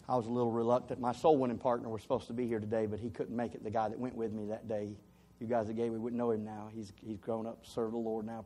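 A man as a pastor, preaching a sermon as an animated story with rising emphasis. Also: lowish voice, fast.

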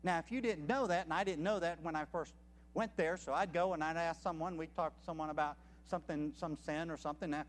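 A man's voice: on the high side, quick pace, long reverb tail. A man preaching a sermon as a missionary, emphatic and counting off his points one by one.

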